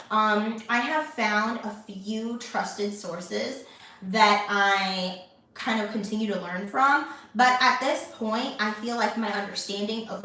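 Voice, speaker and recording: A young adult woman who hosts a lifestyle channel talks casually to camera in a mid-range voice that sounds pushed and bright. She's chatty, with plenty of fillers and restarts, and she's recorded off-mic from a distance in an echoey room.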